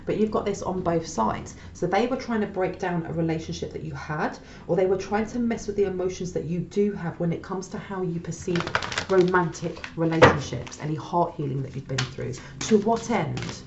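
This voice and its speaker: Woman, tarot reader, chatty and conversational, low-ish voice, echoey dull room recording. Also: normal speed, noisy background. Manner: chatty, conversational, keeps checking in with the listener. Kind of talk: casual tarot reading to camera.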